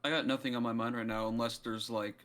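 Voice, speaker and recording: A man's voice: medium pitch, flat delivery, quick pace, a bit bright. A man playing a tabletop role-playing game, talking casually and offhand. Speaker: player.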